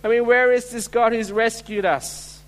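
A preacher voicing a doubting, anxious young biblical farmer who questions and pleads in disbelief, inside a sermon. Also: male voice, high voice, animated, unhurried, a bit bright, in a large hall. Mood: complaining. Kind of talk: sermon role-play.

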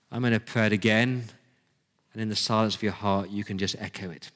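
A man's voice: fairly low pitch, steady tone, moderate pace, pauses often. A man preaching a sermon to his church, earnest and pleading, pressing his points with emphasis. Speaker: pastor. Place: church hall. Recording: long hall reverb.

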